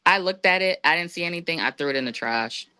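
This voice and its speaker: Lower-pitched woman telling a story animatedly. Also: fast, smooth, no room sound. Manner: lively, acts out quoted voices with big pitch jumps. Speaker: podcast guest. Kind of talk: casual storytelling.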